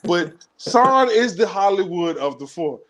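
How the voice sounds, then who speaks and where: A man's voice: high-pitched, lively intonation, measured pace, fairly bright tone. A man co-hosting a podcast, talking in an emphatic, joking, profane way in casual chat. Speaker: podcast co-host.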